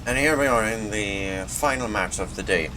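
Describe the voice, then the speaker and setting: A Swedish man, just woken up and a bit groggy, commenting casually on his gameplay with a laid-back, rambling manner and sudden loud outbursts. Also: fairly low pitch, moderate pace, crowd noise. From Sweden. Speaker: gaming channel host.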